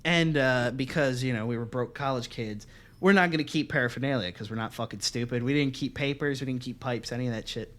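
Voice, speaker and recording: A young man co-hosting a podcast, telling a story in casual, profane chat and acting out the other voices loudly. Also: mid-range voice, a little fast. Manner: animated, profane, acts out quoted voices loudly. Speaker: podcast co-host.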